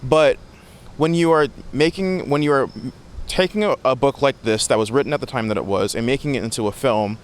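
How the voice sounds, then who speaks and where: A man guesting on a podcast, reviewing a film in lively, expressive casual chat with frequent laughs. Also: mid-range voice, fairly quick, clean tone.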